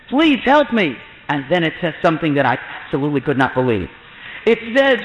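A man who works as a mohel, telling an inspirational religious story with animated delivery and acted-out quoted voices. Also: a little hiss or hum. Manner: animated, acts out quoted voices with rising pitch. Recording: muffled lecture in a reverberant hall.

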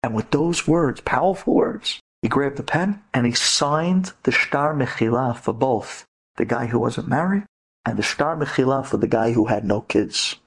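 A man's voice: normal speed, husky. A man who is a rabbi giving a storytelling lecture to women, dramatic and acting out the voices in his stories. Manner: dramatic, acts out quoted voices with big pitch leaps; speaks directly to a women's audience. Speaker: rabbi and inspirational speaker.

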